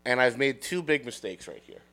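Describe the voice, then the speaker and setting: A man's voice: mid-range voice, sing-song, brisk, pushed and bright. A man guest on a comedy podcast telling a self-deprecating, profane story, acting out what people said.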